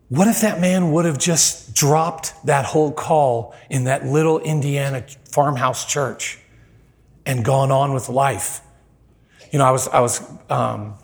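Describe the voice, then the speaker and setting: Male preacher, church sermon, animated storyteller who leaps high for quoted lines. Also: gravelly. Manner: animated storyteller, voice jumps high when quoting people.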